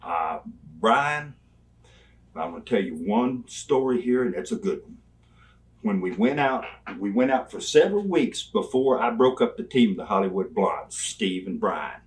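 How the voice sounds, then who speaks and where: An older man, a guest in an interview, telling a story with animated delivery and acting out bits of dialogue. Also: on the low side, measured pace, far from the mic, a little hiss or hum.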